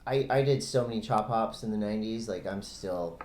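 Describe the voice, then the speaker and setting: A middle-aged man co-hosts a casual podcast, talking loosely, rambling, and laughing often. His voice is on the low side and darkish, and he speaks briskly. The recording has a roomy echo.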